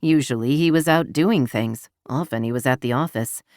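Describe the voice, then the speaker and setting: A woman narrating a romance audiobook in an even, intimate storytelling manner, recorded close to the mic. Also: a bass voice, normal speed, no room sound.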